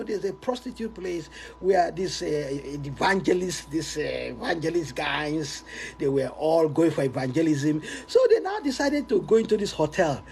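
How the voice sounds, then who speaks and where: A male preacher telling an animated, laughing story in a sermon. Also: high-pitched, vocal fry, slight background noise, poor audio.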